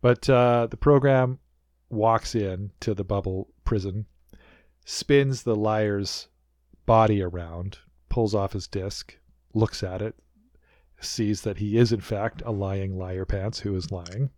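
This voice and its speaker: A man co-hosting a podcast, chatting in a rambling, animated way as he recaps a show. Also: lowish voice, slow pace, no echo, studio quality. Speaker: podcast co-host. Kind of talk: casual recap chat.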